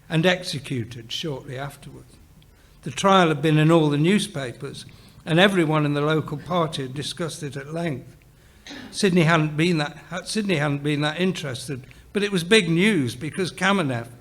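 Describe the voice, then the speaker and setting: Male author reading his short story aloud, measured and even, a bit high-pitched for a man. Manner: steady, measured narration.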